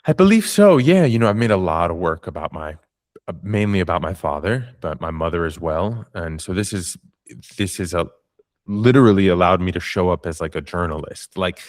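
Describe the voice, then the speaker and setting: A man's voice: low-pitched, expressive, fairly quick, no room sound, studio quality. A man hosting a casual conversation, earnest and loose, with casual swearing. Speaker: podcast host.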